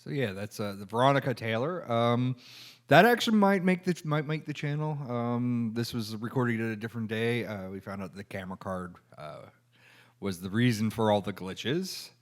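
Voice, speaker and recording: A man co-hosting a podcast on his own, talking casually and haltingly with many pauses and restarts. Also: medium pitch. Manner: halting, lots of ums and restarts. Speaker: podcast co-host. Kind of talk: casual solo podcast talk.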